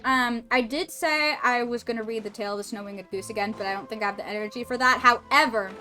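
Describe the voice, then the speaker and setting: A woman's voice: fairly high pitch, quick pace, pushed and bright, soft background music. A woman streaming a game, chatting casually and goofily with her viewers, swearing and joking. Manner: goofy, swears, riffs with chat. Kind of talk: casual gameplay chat.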